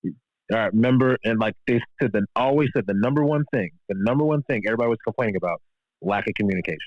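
A man calling in to a sports podcast, speaking haltingly and repeating words. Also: medium pitch, no room sound. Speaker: caller. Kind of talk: casual call-in chat. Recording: dull lo-fi call audio.

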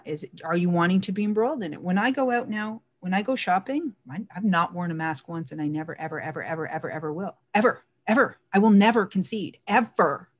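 A woman speaking in a casual monologue, emphatic and animated, often repeating words for stress. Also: lowish voice.

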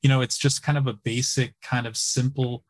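Halting, casual male podcast host. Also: medium pitch, little pitch movement. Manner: halting, many restarts and fillers. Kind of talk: casual interview chat.

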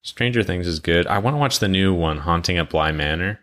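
A young man co-hosting a podcast in casual chat, telling stories with swearing and sudden high mocking voices. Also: a little fast. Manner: animated storytelling, swearing, jumps into high mocking voices for quotes. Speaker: podcast co-host.

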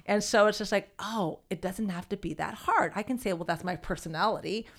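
Gravelly woman therapist acting out quotes. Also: medium pitch, a little fast, a bit bright. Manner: acts out quoted voices, tags sentences with "right?". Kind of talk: conversational explaining.

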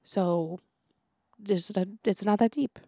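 A young woman co-hosts a casual podcast, speaking slowly in a medium-pitched, dark-toned voice with studio-quality sound and no echo. She's a teacher and a chatty storyteller who acts out quotes and laughs often.

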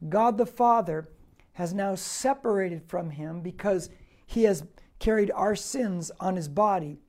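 A man's voice: high-pitched, warm tone. A male pastor teaching a Bible passage verse by verse, preaching emphatically with repetition and rhetorical questions.

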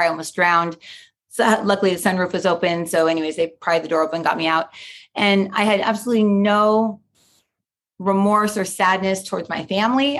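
Guest spot: woman with a lowish voice, casual storyteller, acts out quotes. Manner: chatty, lots of "like" and "you know", acts out quotes.

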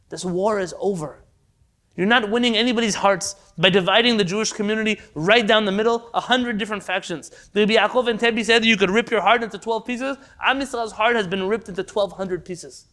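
In an impassioned Torah lesson, a high-voiced man alternates between booming rhetorical questions and hushed, earnest appeals.

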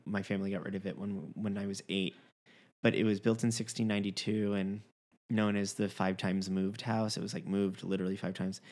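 A man telling a personal story in casual conversation, acting out the dialogue with many restarts. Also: lowish voice. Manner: animated storyteller, acts out quoted dialogue, frequent restarts.

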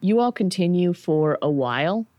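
Low-voiced woman running a tabletop game. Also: moderate pace, no room sound, muffled recording. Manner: relaxed, casual narration with fillers. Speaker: game master.

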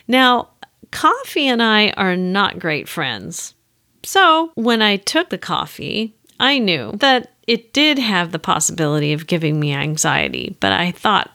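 A woman's voice: lowish voice, very animated, a little slow, bright, forceful tone, no echo, clean studio sound. A woman counselor telling a candid personal story and reflecting on what she could have done differently.

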